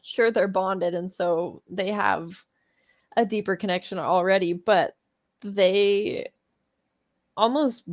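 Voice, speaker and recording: A young adult woman co-hosting a book club podcast, speaking slowly and laughing through emotional moments. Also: medium pitch, no room sound. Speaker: podcast co-host. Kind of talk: casual book club chat.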